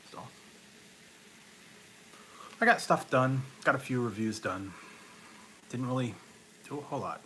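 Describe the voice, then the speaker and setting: A man chats casually with his viewers on a live stream, rambling about his day while he eats and drinks. His voice is bright and forceful, with a faint hum of noise behind him. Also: mid-range voice. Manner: talks while eating and drinking. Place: home.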